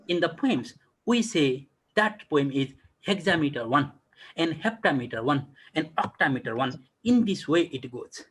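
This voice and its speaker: A man teaches an online college class over a video call, his voice husky and a little rough. His pitch swings up and down a lot as he asks the class rhetorical questions and then answers them himself. His phrasing is halting and repetitive. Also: a bit bright. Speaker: college lecturer.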